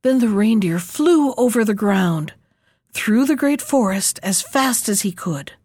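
A woman narrating a fairy tale in a lively, expressive storybook reading. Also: on the high side, measured pace, dry recording, clean studio sound.

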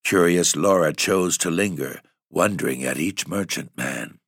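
A man's voice: low-pitched, vocal fry, fairly bright tone, husky, no room sound, clean studio sound. A man hosting and reading a long poem aloud in an ominous, theatrical way. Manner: ominous, drawn-out theatrical delivery. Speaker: narrator and host.

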